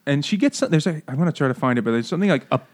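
A man's voice: fairly high pitch, animated. A man co-hosting a casual podcast chat, mocking and laughing often as he talks. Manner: laughing, mocking, does quick silly voices for quotes. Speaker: podcast co-host.

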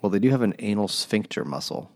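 A man's voice: fairly low pitch, animated, fast, darkish tone. A man co-hosting a podcast, chatting casually and wryly about a book, rambling and laughing often. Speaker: podcast co-host.

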